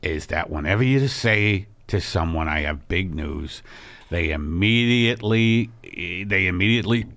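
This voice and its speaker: A man's voice: unhurried, vocal fry, a bit bright, no echo, full character voice. A man voicing a pompous older husband who lectures his wife, in an improvised comedy sketch. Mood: lecturing. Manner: low, droning, lecturing.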